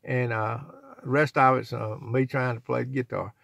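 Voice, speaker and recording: A man's voice: medium pitch, steady tone, moderate pace, creaky, fairly bright tone, no echo, studio quality. An older man, rambling in a folksy, preachy way as he talks to his own channel's viewers. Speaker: channel owner. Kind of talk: rambling religious vlog talk.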